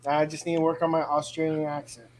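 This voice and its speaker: A woman's voice: low voice, darkish tone, slight background noise, rough recording. A woman co-hosting a casual live stream chat, playful and teasing, cracking jokes and laughing often.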